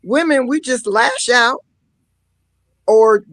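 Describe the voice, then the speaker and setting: A woman guest on a live-streamed talk show, telling lively personal stories with frequent laughter and mock-scolding asides. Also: a little high, takes it slowly, no echo, low-quality recording. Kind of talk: emotional casual talk-show chat.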